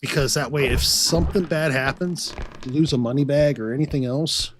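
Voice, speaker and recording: A man's voice: fairly high pitch, moderate pace, slight background noise. A man streaming live gameplay, chatting and talking to himself as he plays. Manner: chatty, talks to himself while playing.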